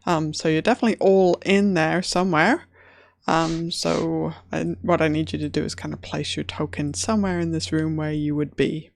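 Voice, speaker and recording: A woman narrating as dungeon master in a relaxed, hesitant way with many pauses. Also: deep voice, gravelly, dry recording. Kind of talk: narrating a tabletop game.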